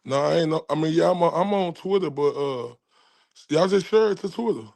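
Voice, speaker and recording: Gravelly man, blunt reactions. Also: fairly high pitch, a little mellow, dry recording. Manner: blunt, profane, drawn-out remarks. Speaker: streamer reacting to a clip. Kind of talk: casual reaction commentary.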